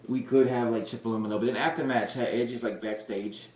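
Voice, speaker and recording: A man's voice: mid-range voice, fairly even intonation, a little fast, a little mellow, a little hiss or hum. A man giving a casual, rambling monologue on wrestling storylines, full of "like" and "you know", blunt and swearing freely, acting out bits of dialogue. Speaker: wrestling fantasy-booking vlogger. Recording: roomy echo.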